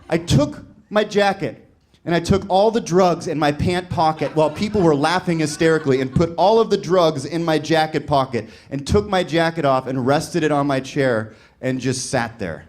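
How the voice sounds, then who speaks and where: A man's voice: a little high, lively intonation, unhurried, a little mellow. A man doing stand-up comedy, telling a long story in a loose, conversational way full of "like" and acted-out quotes, with audience laughter behind him. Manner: conversational, rambling with lots of "like", voices other people in quotes. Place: comedy venue with a live audience.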